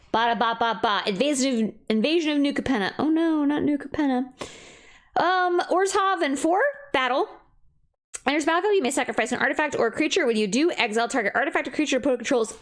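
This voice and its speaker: A high-voiced woman chats on a live stream and reads game card text aloud. She gets excited easily and laughs often. Her talk is loose and casual, close to a desk mic. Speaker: streamer reviewing cards.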